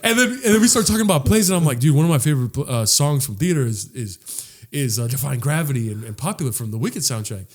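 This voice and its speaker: This podcast co-host speaks fast with lively intonation in a mid-range voice. He delivers a long, rambling story in a casual manner, cussing and dropping "like" often, with many restarts.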